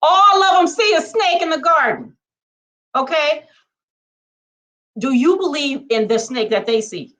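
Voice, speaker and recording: A woman vlogger speaking in a casual monologue, conversational and animated, checking in with her viewers and counting off her points. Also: a little slow, long pauses. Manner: conversational, punctuates points with "okay?" and numbered lists; animated, swings between low asides and excited high bursts.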